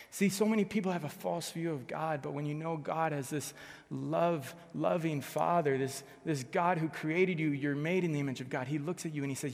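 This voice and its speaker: Passionate young preacher in a reverberant hall. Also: male voice, a little high, a little fast. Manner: passionate, swings between loud emphatic bursts and soft hushed passages. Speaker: pastor. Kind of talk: sermon.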